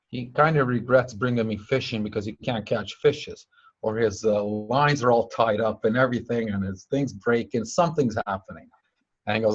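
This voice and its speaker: A man gives a loose spiritual teaching talk, wandering through anecdotes and repeating phrases with casual, broken grammar. He jumps into a raised voice when he quotes other people. His voice sits in a middle pitch, and the recording sounds dull and lo-fi. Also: measured pace, fairly bright tone. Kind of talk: informal teaching talk with storytelling.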